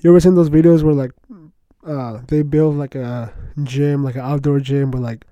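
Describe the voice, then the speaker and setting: A young man hosting a podcast, rambling excitedly in casual slangy chatter, full of "bro" and "like". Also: medium pitch, normal speed, no echo, lo-fi sound. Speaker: podcast host. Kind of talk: casual solo podcast talk.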